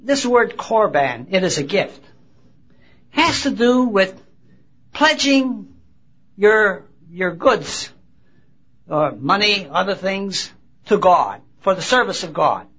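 Man, sermon, high pitched, halting and emphatic, dull lo-fi recording. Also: very animated, fairly bright tone, breathy edge. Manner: halting, restarts phrases, emphatic rises. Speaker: preacher. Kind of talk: sermon with Bible reading. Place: convention gathering.

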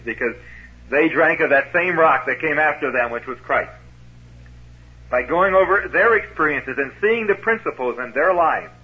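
A man's voice: on the high side, highs cut off. A man preaching a sermon in a conversational way, posing rhetorical questions to his listeners.

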